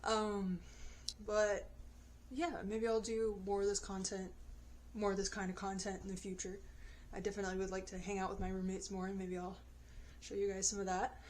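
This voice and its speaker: A young woman talking to the camera in a casual vlog, chatty and giggly, halting with ums and restarts. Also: mid-range voice, flat delivery, darkish tone, slight background noise. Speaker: vlogger.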